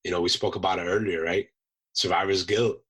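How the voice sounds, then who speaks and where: Bright-voiced man telling animated stories. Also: low voice, a little fast, breathy edge, rough recording. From United States. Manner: animated storyteller acting out voices, laughs often. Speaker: podcast guest, Marine veteran chef. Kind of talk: casual storytelling.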